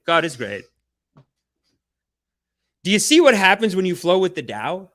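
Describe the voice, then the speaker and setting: A man hosting a livestream podcast, talking in energetic slang and playful mock-spiritual preaching, with big swings in loudness. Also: high voice, unhurried, long pauses. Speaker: podcast host.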